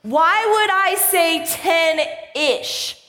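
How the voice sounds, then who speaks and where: A woman acting out a dramatic, indignant mother who scolds her late teenage son. Her voice is very high and bright, and it is spoken slowly with heavy emphasis. A long hall reverb trails every line. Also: lively intonation, heavily acted. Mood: indignant scolding. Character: overbearing, self-satisfied middle-aged mom. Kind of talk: comedic church skit.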